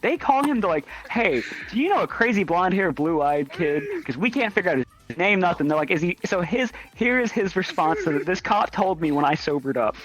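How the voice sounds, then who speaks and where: A young man telling a story in casual chat, animated and swearing freely as he acts out the people in it. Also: sits high, normal speed, few pauses, rough recording.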